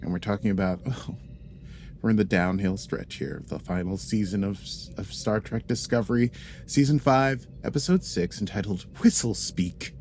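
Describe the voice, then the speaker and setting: A man's voice: lowish voice, moderate pace, darkish tone, a little hiss or hum. A man co-hosting a casual podcast, joking and self-deprecating as he chats. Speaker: podcast co-host.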